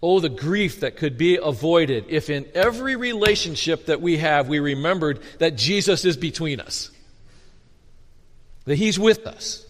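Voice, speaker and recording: High-voiced man preaching in an echoey hall. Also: measured pace. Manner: animated storytelling with humor and repeated restarts. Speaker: pastor. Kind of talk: sermon. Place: church sanctuary. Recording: long reverb of a hall.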